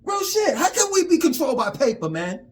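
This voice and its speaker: A man vents in a fiery, profane monologue and keeps tripping over repeated words. His voice sits high and leaps all over the place. He sounds worked up and blunt. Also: huge pitch swings, fairly quick. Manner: heated, profane, stammering repetitions. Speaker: vlogger. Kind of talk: angry monologue rant.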